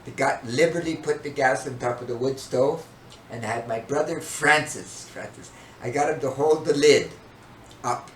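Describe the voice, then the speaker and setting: An older man and podcast co-host, telling a story in casual chat with an animated, dramatic manner. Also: medium pitch, normal speed. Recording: echoey room, distant mic, faint noise.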